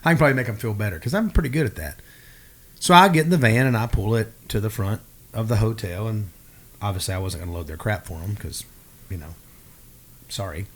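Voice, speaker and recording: A man co-hosting a podcast, telling a story in a casual, animated way and acting out the dialogue. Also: on the low side, brisk, long pauses. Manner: animated, acts out quoted dialogue. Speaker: podcast co-host.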